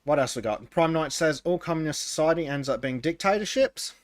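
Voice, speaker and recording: A man's voice: fairly high pitch, animated, brisk, dry recording. Chuckling man reading out chat comments. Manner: laughs often, stumbles and restarts. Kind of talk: casual podcast chat.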